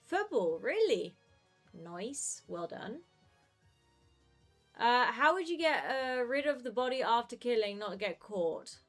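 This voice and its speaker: A woman's voice: a little high, very animated, slow pace, soft background music. A woman with a neutral British accent chatting casually with her stream while she plays, rambling with many fillers and laughing easily. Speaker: game streamer. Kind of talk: casual chat while gaming.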